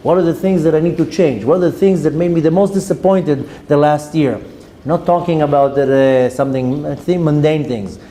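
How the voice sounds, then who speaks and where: A man's voice: a little high, a little fast, warm tone. A man, a rabbi giving an earnest sermon that urges his listeners on and mixes in Hebrew terms.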